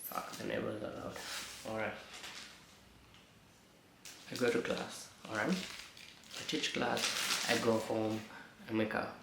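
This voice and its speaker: A man's voice: on the low side, fairly even intonation, slow pace, vocal fry, long pauses, background noise. A man vlogging casually with a slight lisp from new braces, chatty and rambling, swearing now and then. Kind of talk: casual storytelling vlog. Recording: echoey room.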